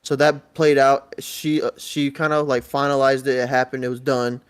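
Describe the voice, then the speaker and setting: A man co-hosting a casual wrestling podcast, easygoing and thinking out loud. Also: mid-range voice, completely flat delivery, moderate pace, clear, resonant tone. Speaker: podcast co-host.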